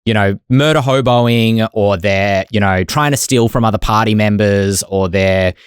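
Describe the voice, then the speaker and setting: A man's voice: on the low side, moderate pace, smooth, no room sound, clean studio sound. A man with an Australian accent hosting a casual podcast chat, rambling and laughing as he tells stories. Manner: laughing, rambling, lively storyteller. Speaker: podcast host.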